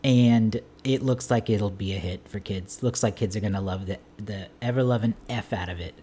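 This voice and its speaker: A man's voice: on the low side, normal speed, mellow, slight background noise. Dry-humored man hosting a movie podcast. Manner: dry, sarcastic humor with mock enthusiasm. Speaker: podcast host. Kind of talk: casual movie podcast chat.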